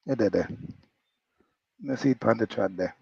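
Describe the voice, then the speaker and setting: A man with a Jamaican accent, guesting on a livestream and coaching in an easygoing, relaxed way. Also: fairly low pitch, moderate pace, creaky, slightly rough, no echo. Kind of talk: casual livestream chat. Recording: dull, dry lo-fi call audio.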